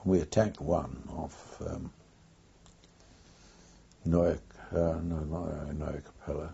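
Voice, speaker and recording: An older man tells his story in an oral history interview, pausing often and recalling events in an unhurried way. His voice is deep, dark and mellow, and very husky. The recording is dull and lo-fi. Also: level tone. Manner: unhurried, reflective storytelling with frequent pauses. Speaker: former wartime pilot interviewee.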